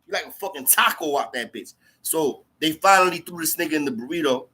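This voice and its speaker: A man's voice: on the high side, lively intonation, a little fast, bright, forceful tone, husky. A man telling a story in casual, slangy speech full of fillers and profanity. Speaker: storyteller recounting jail time.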